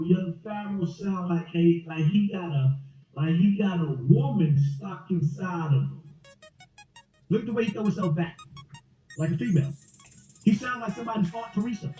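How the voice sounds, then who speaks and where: A man's voice: sits high, normal speed, warm tone. A man delivering a mocking rant and repeating his taunts over and over. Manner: repetitive, taunting. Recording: roomy, distant mic with faint music.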